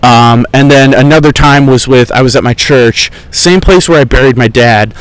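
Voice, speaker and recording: A man's voice: medium pitch, normal speed, clean tone, dry recording, poor audio. A young man hosting a podcast, telling rambling, profane, sarcastic stories in casual chat. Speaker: podcast host. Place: outdoors in a park.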